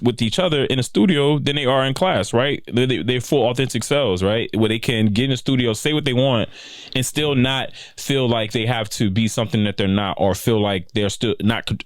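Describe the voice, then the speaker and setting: A man's voice: medium pitch, no room sound, clean studio sound. A man hosting a podcast, talking in a loose, rambling way full of "you know" and "right?". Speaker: podcast host. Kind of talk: casual podcast interview.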